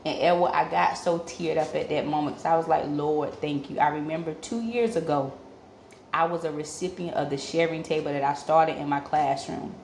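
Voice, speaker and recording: A woman educator speaks as a podcast guest in a very low voice, telling her story earnestly and from the heart. Her voice carries a roomy echo with faint noise behind it. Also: fairly even intonation, fairly quick, creaky, a little mellow. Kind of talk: storytelling in an interview. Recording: echoey room with faint noise.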